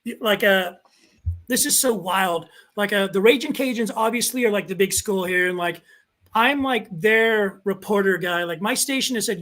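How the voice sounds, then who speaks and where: A man's voice: sits high, moderate pace. A young man from Texas, a local TV sports reporter, chatting casually as a podcast guest, rambling through stories with lots of fillers. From El Paso, Texas. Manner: rambling, animated storytelling with many fillers.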